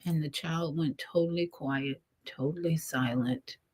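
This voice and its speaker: An older woman, a spiritual teacher, telling a story in an animated, lively way, her voice swinging between rises and soft drops. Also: deep voice, unhurried, breathy edge. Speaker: spiritual teacher leading meditation. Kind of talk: storytelling talk.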